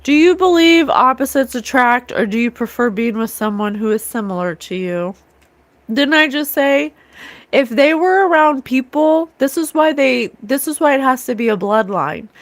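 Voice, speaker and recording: Woman, higher voice, scornful animated spiritual rant, dry close sound. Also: moderate pace, no echo. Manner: animated, scornful, mocks others in sing-song voices. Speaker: psychic livestream host.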